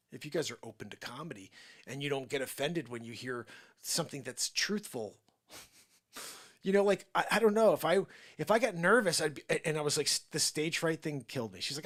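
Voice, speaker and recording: A middle-aged man hosting a live show, ranting in an animated improvised monologue that swings between loud outbursts and low muttered asides, with mocking put-on voices. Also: fairly quick. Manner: does mocking put-on voices and mock Spanish.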